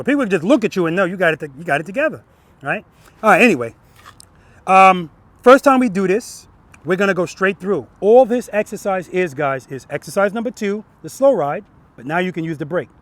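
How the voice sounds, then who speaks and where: Out on an outdoor practice lot, a male riding instructor teaches a group of riders, questioning them and ending his points with "right?". His voice sits high and has no echo.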